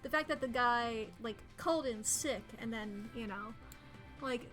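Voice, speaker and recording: A woman streaming a detective game, who reads its dialogue aloud and chats casually, joking and thinking out loud. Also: fairly high pitch, measured pace, soft background music. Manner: chatty, jokey, thinks out loud.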